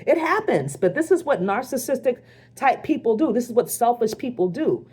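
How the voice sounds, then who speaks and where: A woman's voice: a little high, sing-song, moderate pace, darkish tone, breathy edge. A woman spiritual teacher giving a casual card reading, talking bluntly and often swearing, checking in with the listener with "okay?" and "right?". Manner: blunt and profane, with frequent check-ins to the listener.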